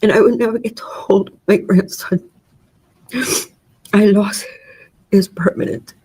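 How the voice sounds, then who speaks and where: A middle-aged mother reads her prepared statement to the court, measured and full of grief. Her voice is husky and breathy. She keeps her delivery flat and even. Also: medium pitch, poor audio. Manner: grieving, measured reading with small slips. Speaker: victim's mother giving impact statement.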